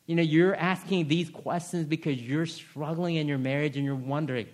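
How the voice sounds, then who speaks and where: A man preaching a sermon in a church, rising to stress his points and dropping to a hushed, soft voice for words of comfort, then closing in prayer. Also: fairly even intonation, moderate pace, few pauses. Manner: rises in pitch to stress points, drops to a hushed, soft voice for God's reassuring words. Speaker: pastor. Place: church sanctuary.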